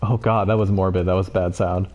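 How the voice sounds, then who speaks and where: A man streaming a game live, commenting excitably, swearing and pleading with the game. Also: low-pitched, a little fast, lo-fi sound, slight background noise.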